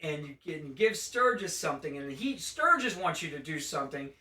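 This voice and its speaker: A man co-hosting a casual gaming chat, recapping a game with animated storytelling and funny put-on character voices. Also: a little high, normal speed, reverberant, distant mic. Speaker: podcast co-host.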